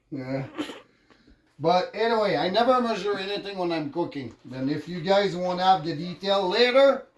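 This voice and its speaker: A man with a French accent, chatting casually and rambling with jokey asides while cooking in his home kitchen. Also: a little high. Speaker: vlogger cooking on camera. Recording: echoey kitchen with faint noise.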